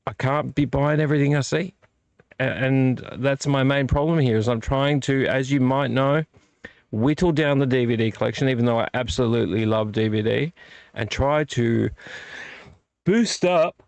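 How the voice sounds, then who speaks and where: A man's voice: mid-range voice, gravelly, dry recording. A middle-aged man hosting a casual late-night live vlog, tired and yawning, rambling and correcting himself as he chats with viewers at his desk microphone. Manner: rambling, self-correcting, chatty with live chat. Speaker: vlog host. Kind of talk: casual live-stream chat. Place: home collection room.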